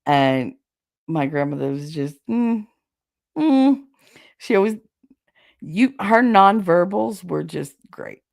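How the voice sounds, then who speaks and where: A woman's voice: lowish voice, lively intonation, slow pace, vocal fry, long pauses, a little mellow, dry recording, studio quality. A woman hosting a podcast, telling gossipy, frank family stories in a casual chat and laughing often. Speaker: podcast host.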